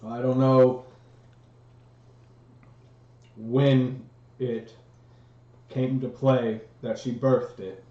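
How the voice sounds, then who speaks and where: Man, tabletop player, slow, halting, lots of ums, roomy lo-fi sound. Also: medium pitch, little pitch movement, warm tone. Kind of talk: casual tabletop play. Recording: roomy, dull livestream audio.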